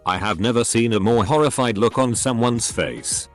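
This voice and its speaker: A man's voice: medium pitch, animated, moderate pace, few pauses, faint music behind. A man narrating forum stories in a scripted reading, sometimes reading symbols aloud word for word.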